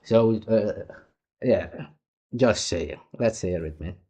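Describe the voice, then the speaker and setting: Man, lowish voice, casual reaction talk, rambling, digressive. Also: slow, a little mellow, breathy edge. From Suriname. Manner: rambling and digressive, often trailing off. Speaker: host reacting to a clip.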